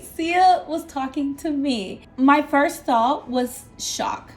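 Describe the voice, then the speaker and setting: Young woman, high-pitched, animated storytime vlog, exclamatory, soft background music. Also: takes it slowly, hardly any pauses. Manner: animated, exclamatory, with laughs and squeals. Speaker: vlogger telling a story. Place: at her desk indoors.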